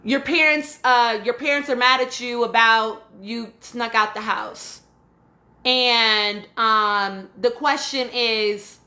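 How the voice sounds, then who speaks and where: A woman's voice: a little high, fairly even intonation, takes it slowly, bright, forceful tone, reverberant. A woman hosting a live stream, talking casually and emphatically and often checking in with "right?" as she reads and answers chat comments. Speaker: podcast host reading live chat.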